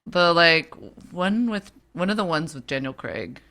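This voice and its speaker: A woman's voice: lowish voice, expressive, measured pace, pushed and bright. A woman co-hosting a podcast, playful and argumentative in rambling casual banter. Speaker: podcast co-host.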